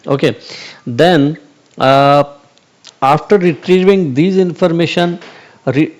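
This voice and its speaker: A man's voice: on the high side, takes it slowly. Hesitant man explaining at a whiteboard. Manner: hesitant, many fillers and restarts, repeats "okay". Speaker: channel host explaining AI concepts. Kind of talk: whiteboard tutorial, unscripted.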